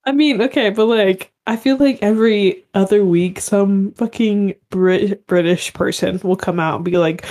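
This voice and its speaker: Mellow-voiced young woman, casual podcast chat. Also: mid-range voice, moderate pace, hardly any pauses. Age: young adult. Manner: swearing storyteller, laughs into her lines. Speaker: podcast co-host.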